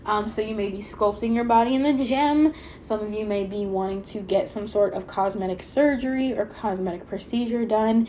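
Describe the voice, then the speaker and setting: Woman tarot reader, fairly high voice, excitable chatty delivery, slightly stuffy nose, faint background noise. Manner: chatty, excitable, fast-talking with many fillers. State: a little stuffy-nosed. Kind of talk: pick-a-card tarot reading.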